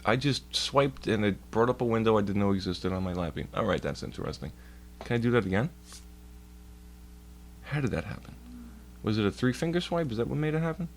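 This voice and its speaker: A man's voice: fairly low pitch, animated, a little fast, pauses often, slight background noise. A man streaming from home, rambling through a profane story in casual chat and putting on voices for the people he quotes. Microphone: laptop mic.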